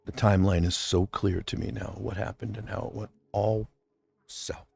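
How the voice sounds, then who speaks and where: On an unscripted livestream, a middle-aged male host with a gravelly, husky, darkish voice on the low side speaks steadily at a moderate pace while faint music plays. Close to tears, he rambles heartfelt words directly to his absent wife in an emotional monologue.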